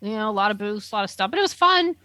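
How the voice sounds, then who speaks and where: A woman in casual chat, telling a long, enthusiastic story and padding it with fillers. Her voice sits in a middle pitch, recorded close and dry. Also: expressive, rapid-fire, bright, forceful tone, no echo.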